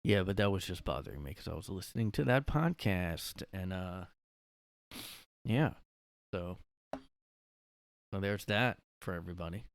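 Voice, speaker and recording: A man's voice: low voice, lively intonation, unhurried, vocal fry, long pauses, clean tone, no room sound, studio quality. A young man hosting a casual solo podcast, rambling and using many fillers. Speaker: podcast host.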